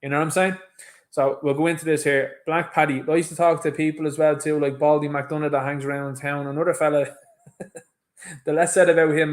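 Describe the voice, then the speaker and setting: Irish male host, somewhat high-pitched, emphatic opinion commentary, mocks others. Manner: emphatic, indignant, mimics others mockingly. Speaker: show host. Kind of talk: opinion commentary on a played clip.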